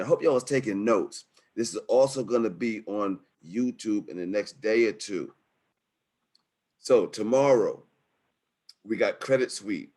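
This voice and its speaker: A man hosting a webinar from home over a video call, wrapping up with energetic, slangy, emotional talk. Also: lowish voice. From New York City. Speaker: webinar host. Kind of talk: hyped-up casual webinar wrap-up. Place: home setup in Harlem.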